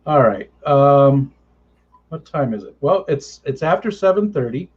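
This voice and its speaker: Easygoing host, slightly muffled audio. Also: male voice, medium pitch, animated, a little slow, breathy edge. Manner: easygoing, laughs often, thinks aloud with fillers. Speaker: livestream host. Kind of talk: casual chat.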